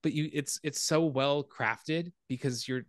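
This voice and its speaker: A man hosting a podcast, casually retelling a film's plot scene by scene in an animated way. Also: fairly high pitch, measured pace, dry recording. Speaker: podcast host. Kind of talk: casual film recap.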